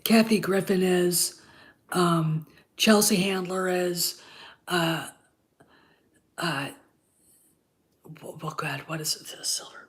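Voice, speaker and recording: Getting over covid, this woman hosts her own commentary channel with a thick, congested voice that's on the low side and fairly even in intonation. She talks slowly and bluntly, her heated opinions laced with profanity.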